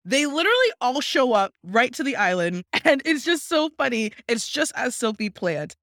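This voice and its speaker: A woman's voice: fairly high pitch, big pitch swings, normal speed, a bit bright. A young woman co-hosting a podcast, chatting casually in a bubbly, giggly way. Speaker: podcast co-host. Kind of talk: casual chat.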